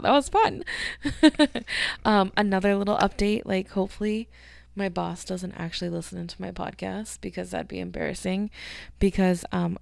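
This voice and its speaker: A woman's voice: medium pitch, vocal fry, darkish tone, dry recording, clean studio sound. A woman in her thirties hosting a casual solo podcast, rambling and chatty, swearing freely. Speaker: podcast host.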